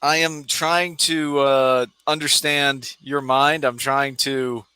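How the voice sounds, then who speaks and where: An exasperated male streamer keeps pleading with an aggressive guest to calm down. His voice is bright and tense, recorded dry and close to the mic. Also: medium pitch, takes it slowly, clean tone, dry recording. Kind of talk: livestream argument.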